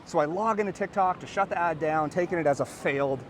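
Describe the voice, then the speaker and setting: A man in his thirties, a podcast host and coach, giving an energetic, earnest motivational talk to camera outdoors by a beach. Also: fairly high pitch, fast talker, slight background noise. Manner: energetic, animated and earnest, rising to excited peaks.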